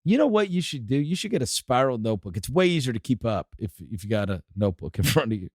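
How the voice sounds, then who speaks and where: A man's voice: mid-range voice, sing-song, fairly quick, dry recording, clean studio sound. A man co-hosting a sports podcast, talking emphatically and teasing his co-host. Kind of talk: casual sports podcast chat.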